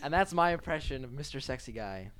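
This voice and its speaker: A man co-hosting a casual podcast, playful and quick to do silly impressions. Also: medium pitch, expressive, fairly bright tone, slight background noise. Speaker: podcast co-host. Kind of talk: casual chat.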